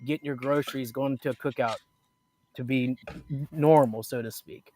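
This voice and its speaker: A man talking on a casual show in a reflective, halting way, often restarting his sentences. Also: medium pitch, steady tone, dark tone, a little hiss or hum. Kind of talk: casual podcast talk.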